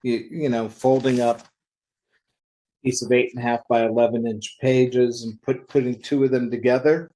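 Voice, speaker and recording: A man who works in comics, telling anecdotes in a podcast interview, acting out the quoted lines in lively voices. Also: mid-range voice, moderate pace. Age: older. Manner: animated anecdotal storytelling, acts out quoted dialogue. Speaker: interview guest, comic creator.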